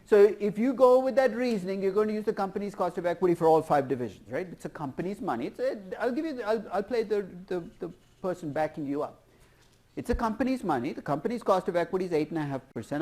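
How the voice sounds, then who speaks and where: A man lecturing a university class, lively and putting questions to the students. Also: high voice, quick pace, hardly any pauses. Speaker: professor.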